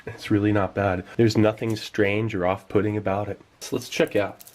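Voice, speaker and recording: Enthusiastic man tasting old food, low voice. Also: level tone, normal speed, darkish tone. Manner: enthusiastic, chews while talking. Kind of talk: casual tasting commentary.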